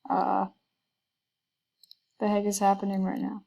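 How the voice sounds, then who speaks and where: Slow, gravelly woman muttering over gameplay. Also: mid-range voice, completely flat delivery, warm tone, low-quality recording. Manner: hesitant, many fillers, drops into whispered asides. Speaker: gaming video creator. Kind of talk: casual gameplay commentary.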